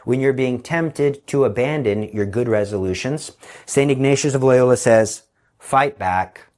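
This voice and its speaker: A man preaching a sermon in an animated storytelling manner. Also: mid-range voice, normal speed. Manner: animated storytelling with acted voices. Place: Texas.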